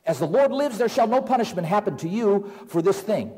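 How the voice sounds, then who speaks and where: A man's voice: high-pitched, lively intonation, fairly quick, darkish tone, in a large hall, voice pushed up. A man voicing a desperate, anxious king who swears earnest, solemn oaths. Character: desperate anxious old king pleading with a medium.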